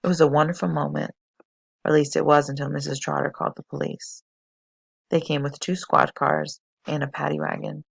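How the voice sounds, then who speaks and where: A teacher reading a novel aloud for a fifth-grade class, steady and expressive. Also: mid-range voice, a little fast, vocal fry, husky, no echo.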